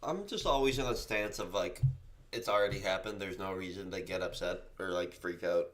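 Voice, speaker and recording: A man chatting casually, relaxed and unbothered as he comments on a friend's story. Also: low-pitched, a little fast, a little hiss or hum. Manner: laid-back, unbothered commentary. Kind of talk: casual chat.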